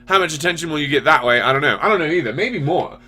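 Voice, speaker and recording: A man, a parent, talking casually as host of his own commentary stream, animated and often restarting his sentences. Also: fairly high pitch, quick pace, slightly rough. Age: adult parent. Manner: animated, self-interrupting, frequent restarts.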